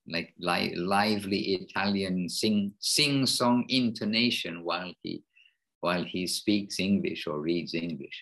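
A man hosting an informal devotional class online, speaking haltingly and rephrasing himself mid-sentence. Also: low-pitched, creaky, a bit bright, husky, rough recording. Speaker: class host.

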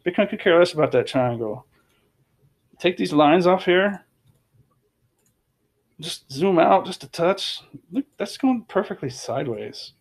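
A man's voice: high-pitched, lively intonation, unhurried, long pauses, husky. A man giving casual, emphatic commentary over charts, repeating phrases and restarting sentences. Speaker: crypto commentator.

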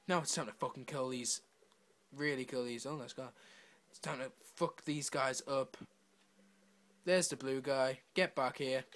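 A man's voice: mid-range voice, steady tone, unhurried, long pauses, a bit bright. A man giving brash, swearing commentary over his own gameplay, talking to himself and taunting other players. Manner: brash, swearing trash talk. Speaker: gamer.

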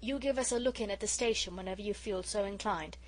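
A woman's voice: medium pitch, fast talker, natural voice. A woman reading an audiobook, voicing a genial older stationmaster who rambles in a friendly way.

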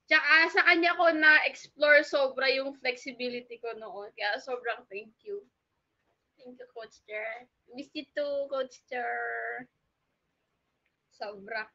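A woman's voice: a little high, pushed and bright, lo-fi sound. A young woman with a Filipino accent chatting casually on a livestream, bubbly and switching between English and Tagalog. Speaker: idol livestreamer.

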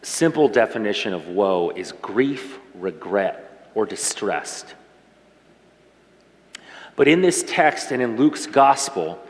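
A middle-aged man preaching a sermon as pastor, talking to the congregation in a warm, conversational and emotional way. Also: on the low side. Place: church sanctuary. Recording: reverberant church hall.

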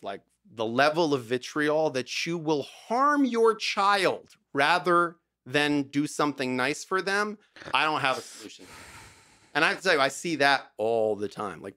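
Brief: middle-aged man, lively swooping pitch, emphatic, plays out dialogue in his stories. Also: no room sound, studio quality. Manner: emphatic storyteller, acts out quoted dialogue, swears casually. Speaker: divorce lawyer, podcast guest. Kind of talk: animated conversational interview.

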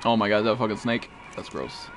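An excitable male gameplay streamer offers profane live commentary, cursing constantly and bursting out in frequent startled yells. He talks fast in a fairly low voice, with faint music in the background.

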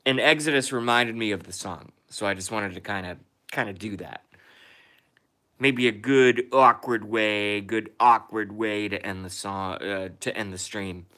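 A man's voice: lowish voice, measured pace, pushed and bright. A man chatting casually on his live stream, rambling, sarcastic and profane, often repeating himself.

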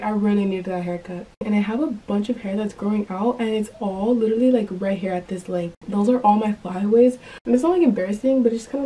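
Talking casually to camera in her bedroom, a young adult woman rambles on in a mellow, medium-pitched voice, leaning heavily on "like." Allergies have left her slightly stuffy with a runny nose, and the rough recording carries slight background noise.

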